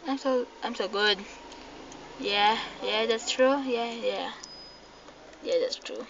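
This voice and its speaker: A young woman with a Filipino accent commenting on a game she is playing, excitable and jumpy, jumping between loud panicked cries and low mutters. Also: slow. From Philippines. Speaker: gamer. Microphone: phone mic. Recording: dull lo-fi phone recording with faint noise.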